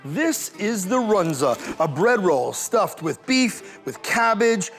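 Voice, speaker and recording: Playful punning man, high voice, music behind. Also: very animated, slow pace, a bit bright. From New York. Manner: playful, pun-heavy, showman delivery. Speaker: food show host. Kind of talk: punny scripted food presentation.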